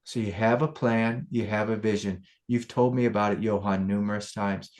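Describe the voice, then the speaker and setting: A man, a spiritual teacher, giving a casual satsang talk to a student, telling stories in a loose, animated way. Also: on the low side, normal speed.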